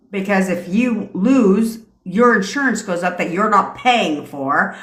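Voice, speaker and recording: A woman's voice: mid-range voice, expressive, a little slow, fairly bright tone. A woman hosting a live stream, telling stories in a brash, profane, casual rant. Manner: profane, brash storytelling with frequent laughs. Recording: echoey room.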